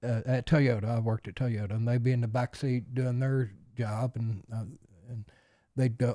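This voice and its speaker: A man's voice: medium pitch, flat delivery, moderate pace, warm tone, dry recording, clean studio sound. A man co-hosting a podcast who chats casually, stumbling and repeating words as he gets started. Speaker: podcast co-host. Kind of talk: casual chat.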